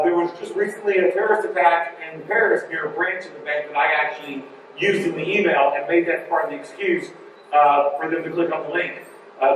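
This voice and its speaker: A man with a high voice gives a conference talk in a jokey, animated way. He sounds far from the mic, and his voice rings through a large, very echoey hall. A faint room ambience hums behind him. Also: a little hiss or hum. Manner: joking, animated, digressive. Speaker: conference speaker.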